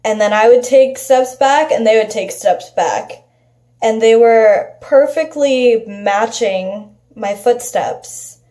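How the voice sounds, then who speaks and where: A woman tells a personal story to camera at an unhurried pace. Her voice is soft and mellow, never sharp. She is chatty and profane, with a steady stream of filler "like"s. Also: a little high. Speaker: vlogger. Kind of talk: casual storytelling.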